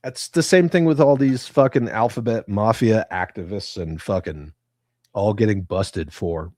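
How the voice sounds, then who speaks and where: A man's voice: fairly low pitch, unhurried, darkish tone, dry recording, studio quality. A man hosting a casual livestream, reading chat comments aloud with crude, profane banter.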